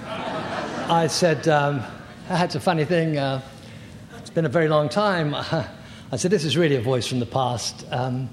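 An older man in his sixties giving personal testimony as a recovery meeting speaker, halting, candid and self-deprecating. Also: a little high, animated. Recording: echoey hall with faint noise.

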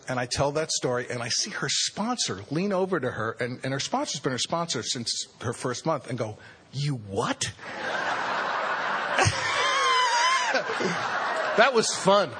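A man in his fifties telling his recovery story, wry and self-deprecating, sometimes halting. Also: on the high side, animated, a bit bright. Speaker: speaker sharing a recovery story. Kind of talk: personal storytelling talk.

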